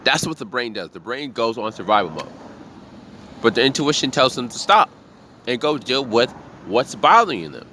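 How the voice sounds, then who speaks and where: Blunt, profane man with a bright voice. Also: mid-range voice, moderate pace, a little hiss or hum. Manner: blunt, profane, animated storytelling. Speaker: bartender. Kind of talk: casual motivational monologue.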